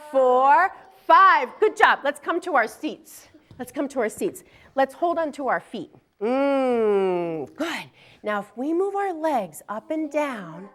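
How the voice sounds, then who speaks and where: A woman's voice: high-pitched, fairly bright tone. A young woman leading a children's yoga class on a TV show, playful and encouraging, singing and counting along with the kids. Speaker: kids' yoga instructor.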